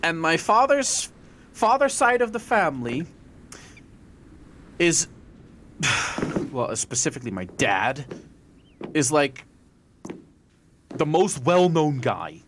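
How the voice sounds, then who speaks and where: A Dutch man, a native Dutch speaker, hosts a relaxed live-streamed podcast with his voice rising and falling a lot as he tells stories. He sits a little higher than most men and pokes fun at himself. A faint hiss sits under the desk mic. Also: slow pace, pauses often. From Netherlands. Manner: animated storyteller, self-deprecating. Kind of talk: casual podcast chat.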